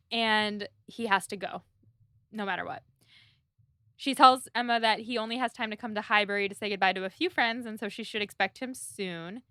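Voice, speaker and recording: A chatty woman co-hosts a casual book podcast, recapping chapters with lots of "like" and quick laughs. Her voice is bright and forward, recorded close and dry. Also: mid-range voice, clear, resonant tone, no echo. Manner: chatty, laughing, many likes. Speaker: podcast co-host.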